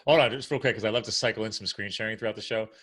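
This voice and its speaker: A man hosting a podcast interview, chatting casually and playfully, jumping up in pitch when he jokes. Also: racing, husky. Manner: animated, playful, jumps up in pitch when joking. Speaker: podcast host. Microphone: video call.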